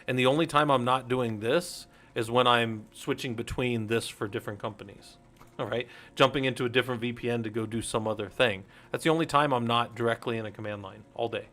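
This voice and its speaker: A man's voice: mid-range voice, a little fast, a bit bright. Guy rambling thru a casual tech stream, middle-aged, cuts himself off a lot. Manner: rambling, self-interrupting, laughs at own jokes. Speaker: host. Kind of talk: casual livestream teaching.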